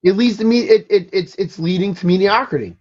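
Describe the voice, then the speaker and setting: A man's voice: sits high, brisk, darkish tone, highs cut off. A man co-hosting a sports podcast, pressing the same questions again and again and venting frustration. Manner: insistent, repeats his questions, frustrated fan. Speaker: podcast co-host. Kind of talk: casual sports chat.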